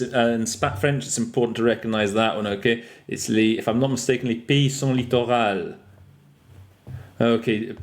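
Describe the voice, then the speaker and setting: A man's voice: mid-range voice, darkish tone. A man hosting a podcast lesson on interpreting vocabulary, chatty and self-correcting, mixing in French and Russian terms. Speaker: interpreter trainer. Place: lives in France.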